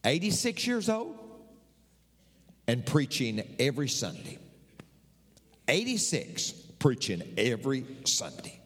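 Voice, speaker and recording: A man's voice: medium pitch, huge pitch swings, slow pace, pauses often, fairly bright tone, breathy edge. A man in his later years, a pastor preaching a sermon with dramatic emphasis and repeated phrases. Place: church sanctuary. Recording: large reverberant hall.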